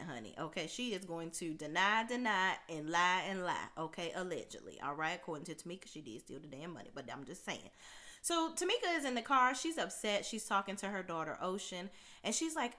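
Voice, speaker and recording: Brief: a sassy woman vlogger dishing gossip in a casual recap, with a bright, forceful tone. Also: medium pitch. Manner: sassy, gossipy, full of asides. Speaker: reality TV recap host.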